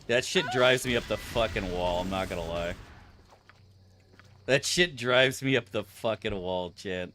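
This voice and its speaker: A man's voice: lowish voice, measured pace, a bit bright, a little hiss or hum. A man streaming a game, chatting casually to his chat with a profane, joking manner. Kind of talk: casual gameplay commentary.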